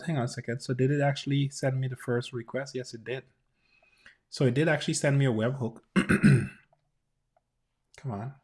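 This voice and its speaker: A man live-streaming his coding session, thinking aloud in casual commentary, often restarting sentences and breaking in with quick exclamations. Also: mid-range voice, fairly even intonation, a little mellow. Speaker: developer livestreaming.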